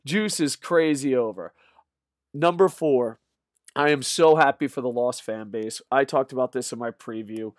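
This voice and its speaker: A man ranting in a rambling, profane fan vlog, tired and punch drunk, swinging from loud shouts to low mutters. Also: no echo, studio quality. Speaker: wrestling vlogger. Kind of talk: excited fan vlog rant.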